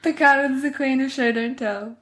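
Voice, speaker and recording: A woman hosting a relaxed book chat, laughing easily as she reads passages aloud. Her voice sits fairly high. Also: moderate pace. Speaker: podcast host. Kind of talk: casual book discussion and reading aloud.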